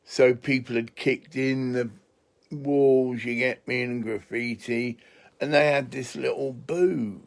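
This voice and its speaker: A man's voice: medium pitch, fairly even intonation, slow pace, gravelly. An English man talking in a casual, rambling monologue, chatty and digressive, swearing freely.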